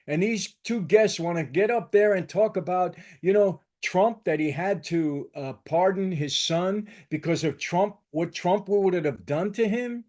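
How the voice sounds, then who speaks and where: A man's voice: high-pitched, unhurried, few pauses, darkish tone. An older man hosting his own channel, delivering an emphatic, combative political commentary with lots of repetition. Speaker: channel host.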